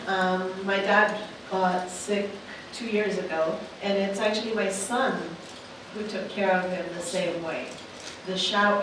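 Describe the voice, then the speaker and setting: A woman in the audience sharing a family story in a thoughtful, steady way. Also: medium pitch. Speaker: audience member. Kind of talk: spontaneous personal sharing. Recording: echoey hall, distant, background noise.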